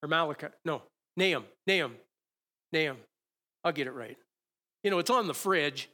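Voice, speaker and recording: A man preaching a sermon into a microphone as the pastor, in a conversational, joking way that swings between loud emphasis and quiet asides. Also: on the high side, measured pace.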